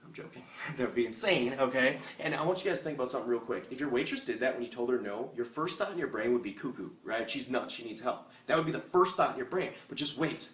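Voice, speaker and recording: A man's voice: mid-range voice, animated, fast, a bit bright. A man giving a punchy, joking motivational recruiting talk to a live audience in a meeting room. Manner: punchy, joking, fired-up delivery. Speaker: network marketing presenter. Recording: echoey room, distant mic, faint hiss.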